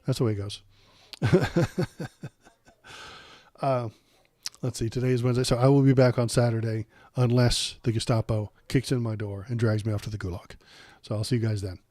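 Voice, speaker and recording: A man hosts a political livestream, ranting bluntly and sarcastically with plenty of swearing. He's coming down with a cold that bothers his throat, and his mid-range voice is dark, mellow and steady, delivered fast. The sound is dry and close, with little room and no echo.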